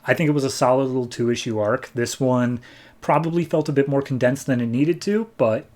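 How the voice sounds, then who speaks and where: This podcast co-host speaks a little fast in a mid-range, somewhat mellow voice. He rambles through a laid-back retelling of a comic story, packed with filler words.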